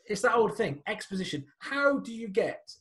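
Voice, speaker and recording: A man co-hosting a casual film review chat, making animated comments and jokey asides. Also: high-pitched, moderate pace. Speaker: podcast co-host.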